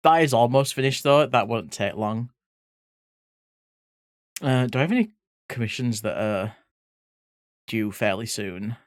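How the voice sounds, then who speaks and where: A streamer who grew up in Leeds, England, draws while chatting playfully with her live audience, reading out chat and cursing from time to time. Her medium-pitched, animated voice moves at a measured pace with long pauses, in a dry, studio-quality recording.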